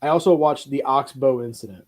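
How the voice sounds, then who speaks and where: A man co-hosting a casual film podcast, telling lively stories and swearing freely. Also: medium pitch, a little fast. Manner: animated storyteller, swears casually. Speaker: podcast co-host. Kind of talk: casual chat.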